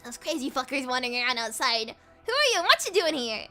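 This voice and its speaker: Gruff old Southern man, put on by a woman reading aloud, folksy and rough-mouthed, swoopy delivery. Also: high-pitched, big pitch swings, fast talker, pushed and bright, faint music behind, full character voice. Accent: put-on American Southern. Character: gruff old male scavenger with a drawl.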